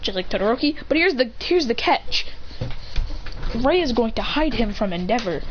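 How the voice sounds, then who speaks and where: A woman's voice: a little high, very animated, normal speed. A woman casually telling a made-up fan story, rambling and correcting herself as she goes. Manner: rambling, restarts and self-corrections. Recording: dull home recording with faint ambient noise.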